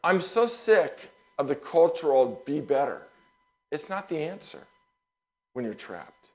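A male pastor telling a personal story in a sermon, animated, with quick asides and repeated words. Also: on the high side.

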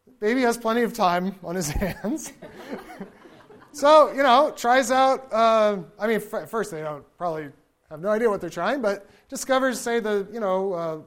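A man giving a lecture in a relaxed, conversational way, often asking his listeners "right?" and chuckling between points. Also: high-pitched, moderate pace. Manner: conversational, checks in with the audience; imitates baby babble to illustrate points. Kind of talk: lecture to an audience.

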